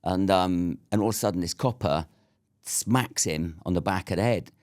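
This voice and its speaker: A man's voice: low-pitched, moderate pace, darkish tone. A British man in his fifties telling a war story as an interview guest, blunt and swearing freely. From Britain.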